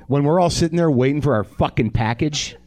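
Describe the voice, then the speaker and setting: Slightly fast and a little mellow, this fortyish man's fairly high voice carries a live comedy podcast from a theatre stage, where he riffs on the crowd with sardonic, foul-mouthed stand-up banter.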